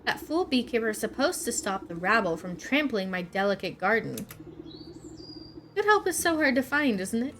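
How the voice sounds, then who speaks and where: A woman's voice: fairly high pitch, animated, moderate pace, slight background noise, lightly acted. A woman voicing an imperious, vain female queen bee who commands and scorns everyone around her. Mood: scornful.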